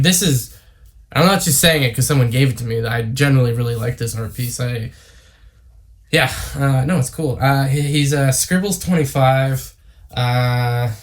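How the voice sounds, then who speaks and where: A man's voice: medium pitch, measured pace. A young man from Canada talking casually to camera, rambling with many fillers and tangents. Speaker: YouTuber. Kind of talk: casual vlog monologue.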